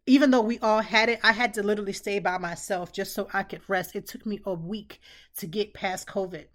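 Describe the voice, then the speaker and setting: Middle-aged woman host talking it through, earnest, says things twice to drive it home, mid pitch. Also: fairly even intonation, brisk, fairly bright tone. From Pennsylvania, United States. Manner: earnest, repeats phrases for emphasis. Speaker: podcast host. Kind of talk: casual advice talk.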